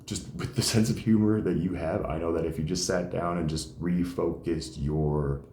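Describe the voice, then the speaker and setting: A man's voice: low-pitched, moderate pace, slight background noise. A man who does stand-up comedy, telling stories in a casual, rambling way with many fillers. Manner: animated, rambling, frequent fillers. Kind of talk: casual storytelling chat. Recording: roomy echo.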